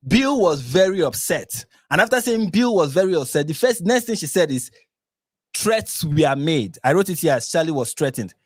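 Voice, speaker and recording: Animated Nigerian man reacting live. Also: fairly high pitch, husky, dry recording, studio quality. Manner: exasperated, repetitive, emphatic. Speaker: reaction channel host.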